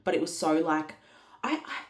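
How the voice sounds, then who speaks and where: A woman's voice: deep voice, animated, normal speed, echoey room. A woman, telling a story in a chatty, casual way with lots of fillers. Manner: chatty, many fillers and quoted dialogue. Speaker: vlogger.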